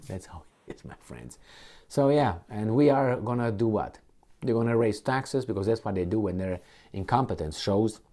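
A man giving a rambling political rant, hunting for words and turning heated when indignant. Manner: heated, gets louder and higher when indignant; halting, hunts for words and restarts.

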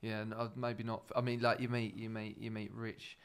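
Man, Essex accent, comedian guest, rambling anecdotes, bright voice. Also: fairly low pitch, flat delivery, moderate pace, vocal fry, clean tone. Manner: storytelling, rambling with fillers. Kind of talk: casual chat, anecdote.

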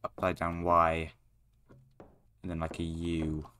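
A young man giving foul-mouthed, excitable commentary while playing a horror game, yelling at what scares him. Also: sits low, takes it slowly, a little hiss or hum. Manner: swearing, excitable, shouting at the game. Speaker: gaming YouTuber.

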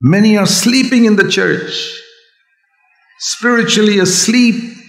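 Older male preacher, earnest sermon, fairly high voice, echoey hall reverb. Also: takes it slowly, vocal fry, soft background music. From India. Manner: earnest, rises to emphatic raised voice.

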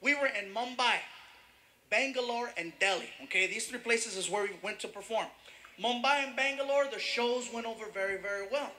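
A man doing stand-up comedy, telling an animated story and shouting some punchlines. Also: very high voice, normal speed.

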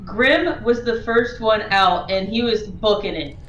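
A woman's voice: mid-range voice, unhurried, highs cut off. A woman in casual gaming voice chat, chatty and amused as she explains what she saw.

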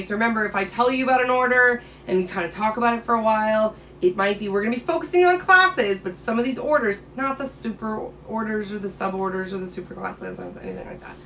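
A woman with a fairly high voice gives a biology lecture in a loose, chatty way. She is playful and clearly enthusiastic. There is a faint background hiss. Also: a bit bright. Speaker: biology teacher. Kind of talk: casual classroom lecture.

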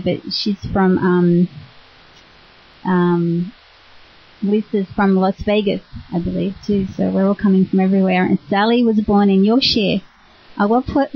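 A chatty Australian woman with a husky voice greets her online radio listeners in a friendly, easygoing way and laughs often. The sound is dull and lo-fi, like an internet radio stream. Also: mid-range voice, steady tone, moderate pace. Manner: warm, chatty, laughs often, reads from a chat board. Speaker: spiritual teacher on internet radio. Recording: dull lo-fi web radio audio.

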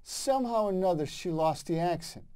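A man co-hosting a casual film review chat, giving opinionated, lively critiques with frequent restarts. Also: sits high, brisk, smooth. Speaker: co-host.

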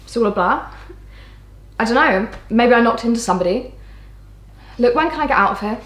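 An actress playing a wry, evasive young patient. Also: female voice, a little high, lively intonation, reverberant, lightly acted. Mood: guarded, wry. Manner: wry and deflecting, quick comebacks. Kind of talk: screen drama acting.

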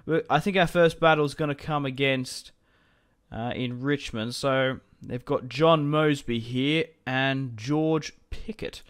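A young man commentates casually on a strategy game as he plays, rambling, chatty and often laughing to himself. His mid-range voice is clear and resonant, and he speaks slowly.

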